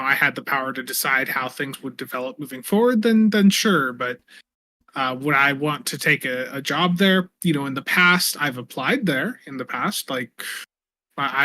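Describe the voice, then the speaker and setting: A man's voice: a little high, pushed and bright, no room sound. A man on a casual podcast panel, earnest and often repeating words as he starts. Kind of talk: casual discussion.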